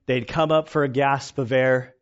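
A male pastor preaching in a casual, storytelling way, animated and self-mocking, often laughing. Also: medium pitch, moderate pace. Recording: dull lo-fi recording.

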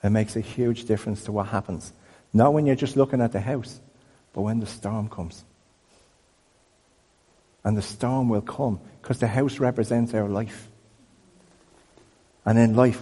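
A man preaching a sermon as a pastor, telling stories in a conversational, animated way. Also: lowish voice, normal speed, long pauses, husky, long reverb tail. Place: church building.

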